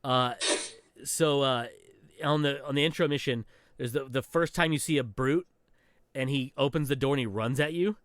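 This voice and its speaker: A man's voice: mid-range voice, normal speed, clear, resonant tone. A man co-hosting a podcast, telling gaming stories in casual chat, swearing and acting out quotes. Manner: animated storytelling, swearing, acts out quotes. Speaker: podcast co-host.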